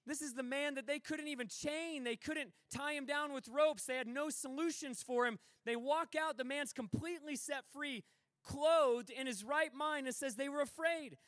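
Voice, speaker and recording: Male preacher with a very high, bright voice, dry close sound, lively comic storytelling. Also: moderate pace, no echo. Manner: energetic storytelling with comic asides. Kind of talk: sermon. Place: large venue.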